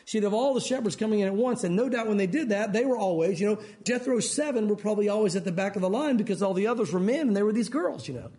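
A man's voice: high-pitched, fast talker, few pauses. A man giving a conversational Bible teaching to a men's group. He tells stories in a chatty way and says "you know" often. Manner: chatty, sprinkled with "you know", animated storyteller.

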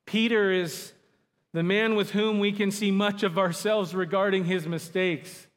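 A man preaching a sermon, emphatic, slowing down to stress key words. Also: high-pitched, steady tone. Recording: long hall reverb.

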